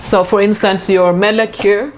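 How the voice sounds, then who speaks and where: A woman's voice: medium pitch, fairly even intonation, normal speed, slight background noise. A woman instructor giving a recorded lecture, explaining step by step, repeating points with frequent fillers.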